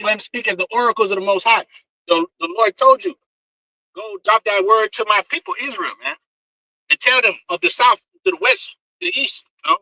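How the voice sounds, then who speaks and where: High, bright-voiced profane street preacher man. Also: no room sound, poor audio. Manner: profane, emphatic, repeats "man" constantly. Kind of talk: fiery scripture teaching.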